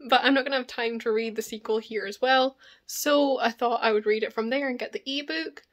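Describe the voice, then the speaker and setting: Chatty Scottish woman, higher voice. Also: steady tone, a little fast, a bit bright. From Scotland. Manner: chatty, laughing, wry. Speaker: book vlogger. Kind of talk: casual vlog chat.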